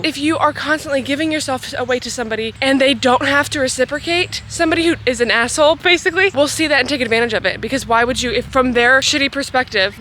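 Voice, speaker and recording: A woman's voice: fairly high pitch, a bit bright, a little hiss or hum. A young woman in her twenties, a fitness vlogger talking casually to camera, rambling and emotional, with a stuffy nose from crying. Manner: rambling, emotional, swears freely. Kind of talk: casual vlog talk to camera. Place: walking outdoors, then at home.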